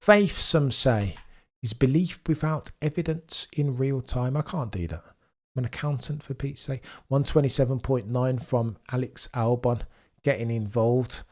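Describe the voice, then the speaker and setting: A man's voice: mid-range voice, measured pace, darkish tone. A man with a mild Birmingham accent hosting a casual live watchalong, chatting with viewers, reading their comments aloud and adding wry asides. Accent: Birmingham (Brummie), mild. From England, Birmingham area. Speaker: livestream host.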